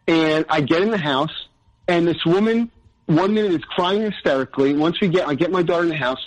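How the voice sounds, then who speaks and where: Earnest man, somewhat high-pitched, casual storytelling guest who rambles and restarts often. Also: lively intonation, fairly quick, rough recording. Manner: rambling, with many restarts and tangents; earnest, frequent "you know".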